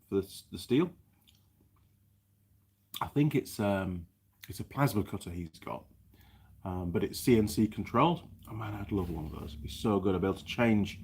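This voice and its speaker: A man's voice: on the low side, a little mellow, slightly rough. A man hosting a casual live chat from his workshop, chatting and rambling with many restarts as he reads viewer comments. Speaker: live stream host, mechanic.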